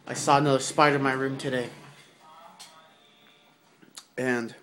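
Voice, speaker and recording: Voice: mid-range voice, level tone, unhurried, a bit bright. A vlogger talking casually and offhandedly while filming their bedroom, rambling and goofy, on a handheld camera. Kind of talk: casual rambling home video.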